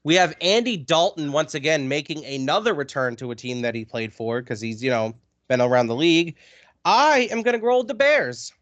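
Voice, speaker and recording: A man's voice: fairly high pitch, fairly quick, dry recording. A man co-hosting a casual sports podcast, leading the game picks and swearing casually. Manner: animated, swears casually, runs through games. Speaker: podcast co-host running the picks.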